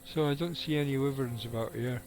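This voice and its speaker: A man's voice: mid-range voice, a little fast, darkish tone, a little hiss or hum, poor audio. A middle-aged man, giving rambling, casual live commentary on his game and chatting with viewers, swearing now and then. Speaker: game streamer.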